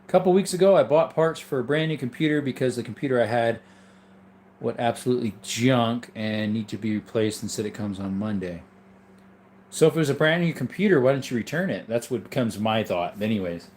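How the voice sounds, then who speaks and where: A sleepy man hosts a relaxed livestream, chatting with viewers in a loose, rambling way full of ums and asides. His voice sits in an ordinary middle pitch, with a faint hum of room ambience behind him. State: sleepy, yawning. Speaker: livestream host reading viewer chat. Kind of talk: casual live chat.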